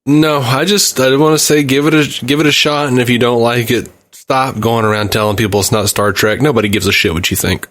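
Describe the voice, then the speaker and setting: A man co-hosting a podcast, talking in a blunt, dry way. He mostly answers in short replies and says what he thinks without softening it. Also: medium pitch, steady tone, brisk, hardly any pauses. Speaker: podcast co-host. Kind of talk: casual chat.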